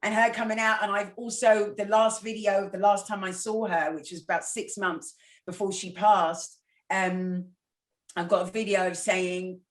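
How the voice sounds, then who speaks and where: A woman's voice: mid-range voice, little pitch movement, moderate pace. A woman guest speaking candidly and reflectively in a casual podcast conversation. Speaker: guest presenter. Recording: echoey room.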